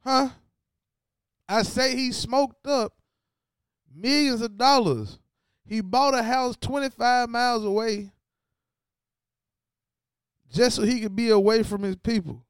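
High-voiced man giving a slow, slangy TV recap. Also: clear, resonant tone, dry recording, clean studio sound. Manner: loose, slangy and animated, talks to viewers directly. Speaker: show host. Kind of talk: casual TV recap commentary.

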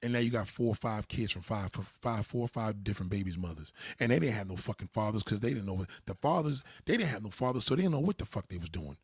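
Husky man ranting heatedly. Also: expressive, quick pace, few pauses, no echo, clean studio sound. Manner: profane, heated and scolding; swings from low mutters to high outbursts. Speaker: livestream host. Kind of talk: ranting monologue to a live chat.

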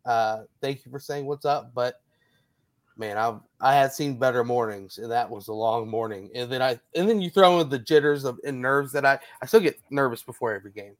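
A man hosting a relaxed sports podcast, his mid-pitched voice wandering through restarts and fillers. He sounds chatty and unpolished. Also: a little fast. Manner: rambling, many restarts and fillers. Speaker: podcast host. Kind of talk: casual sports podcast chat.

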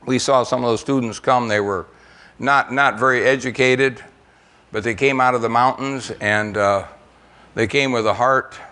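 A man's voice: mid-range voice, a bit bright. An older American man speaking to a church congregation, telling missionary stories in a folksy, rambling way with frequent fillers and repeated words. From United States. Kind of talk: church testimony and storytelling.

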